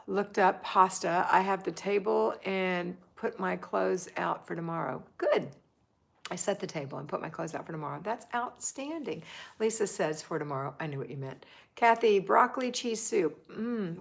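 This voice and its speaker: A woman's voice: medium pitch, vocal fry. Chatty woman reading viewer comments. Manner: chatty and encouraging, reads comments aloud. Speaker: host of a live homemaking chat. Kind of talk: live-stream chat reading viewer comments.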